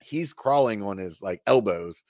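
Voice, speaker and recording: A middle-aged man telling a story casually on a podcast, animated, with lots of filler words and cursing. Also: on the low side, a little slow, no echo, clean studio sound. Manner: animated, swearing, many "like" fillers. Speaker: podcast guest.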